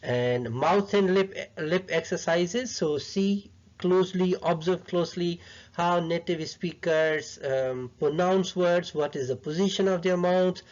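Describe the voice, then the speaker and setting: A man's voice: high voice, unhurried, darkish tone. A man who is not a native English speaker teaching a pronunciation lesson, coaching patiently and repeating his points. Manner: patient, repetitive coaching, non-native phrasing. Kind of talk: instructional lesson. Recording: dull lo-fi sound.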